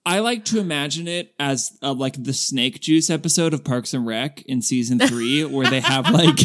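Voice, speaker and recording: A man co-hosting a podcast in a casual chat, talking quickly with lots of fillers and frequent laughter. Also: medium pitch, fairly bright tone. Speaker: podcast co-host. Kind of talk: casual pop-culture chat.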